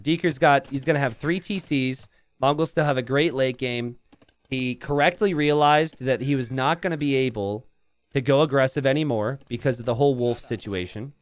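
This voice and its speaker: A man casting a strategy game match, excitable and breaking into shouts and laughter. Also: fairly high pitch, moderate pace. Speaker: game caster.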